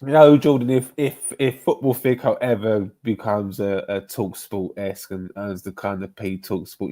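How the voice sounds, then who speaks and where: A man's voice: lowish voice, steady tone, normal speed, hardly any pauses, mellow. A young man hosting a football live stream, casually bantering with viewers in slang-heavy, swear-laced chat. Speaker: football livestream host.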